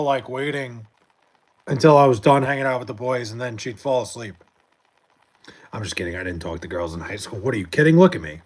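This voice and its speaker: A husky, medium-pitched male voice belongs to a young streamer reading chat at home late at night. He chats about sports in a rambling, foul-mouthed way, restarting and using fillers often.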